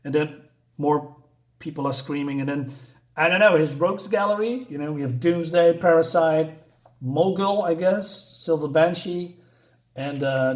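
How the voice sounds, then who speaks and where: A comic book reviewer with a slightly high voice rambles through a casual review vlog. He uses many fillers and chuckles as he summarizes.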